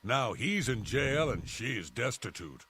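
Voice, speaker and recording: A man's voice: mid-range voice, sing-song, takes it slowly, sharp tone, slightly rough, dry recording, studio quality, full character voice. An actor voicing a plain-spoken male townsman in a fantasy video game, making matter-of-fact, gossipy small talk.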